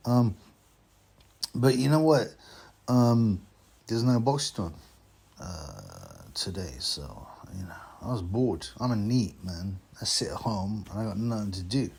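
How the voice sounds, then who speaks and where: A man vlogging about boxing in a casual, rambling way, slightly drunk and slow, with many fillers. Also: on the low side, slightly rough. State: tipsy from drinking.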